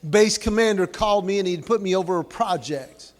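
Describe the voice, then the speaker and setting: A man's voice: high-pitched, a little fast. A man giving a humorous speech at a banquet, telling stories and acting out the quotes. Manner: storytelling with acted quotes. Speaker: banquet speaker. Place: banquet hall, indoors.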